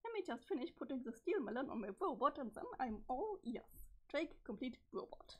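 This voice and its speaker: A woman's voice: sits high, sing-song, a little fast, a little mellow. A woman reading the part of an eager, adventurous teenage boy in a webcomic, with exclamatory, quirky old-fashioned slang and a strained voice. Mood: excited. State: strained, failing voice. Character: excitable adventurous teenage boy, easily awed. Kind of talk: reading a webcomic's chat logs aloud.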